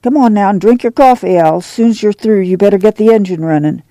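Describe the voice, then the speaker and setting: A man voicing a determined middle-aged farm mother, talking firmly and briskly. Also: sits high, dark tone, no echo, studio quality, pitched above the performer's own voice. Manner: firm, brisk, commanding.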